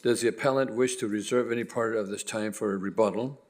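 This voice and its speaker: A man's voice: lowish voice, steady tone, quick pace. A man chairing a city council meeting from a dais microphone, reading procedure with a slightly stumbling delivery. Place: council chamber.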